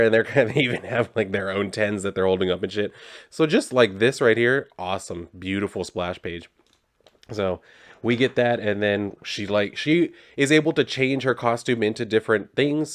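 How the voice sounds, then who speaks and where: A man's voice: medium pitch, dry recording, studio quality. A man casually recapping a comic book, laid-back and swearing freely.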